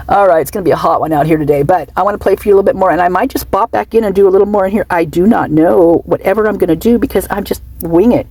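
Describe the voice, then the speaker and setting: A woman's voice: medium pitch, lively intonation, fast, vocal fry, a little mellow, husky, dry recording. A woman true crime vlogger talking off the cuff in a chatty, rambling way with giggly asides. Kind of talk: unscripted casual vlog chat.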